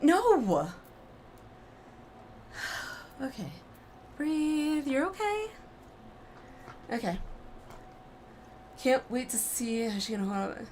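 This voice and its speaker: A young woman with a slightly high voice streams a game and reacts out loud to every moment. She talks to herself expressively between the scenes. A faint steady hum sits under her voice. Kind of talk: emotional let's-play reaction.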